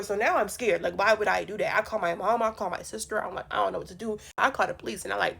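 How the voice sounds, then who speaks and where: A young woman telling a funny personal story in a casual storytime vlog, animated and profane, with punchy delivery. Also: mid-range voice, fast, gravelly, few pauses, breathy edge. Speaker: storyteller vlogger.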